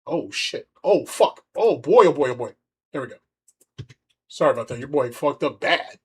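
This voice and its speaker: A man's voice: mid-range voice, lively intonation, normal speed, husky. A man hosting a livestream, rambling and mocking as he comments on a video. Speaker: streamer host.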